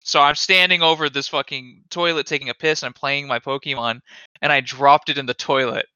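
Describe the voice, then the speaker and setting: Young male podcast co-host, crude and excitable; crisp tone, dry lo-fi sound. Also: medium pitch, a little fast, no room sound. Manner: crude, excitable storytelling with frequent laughter. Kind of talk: casual chat.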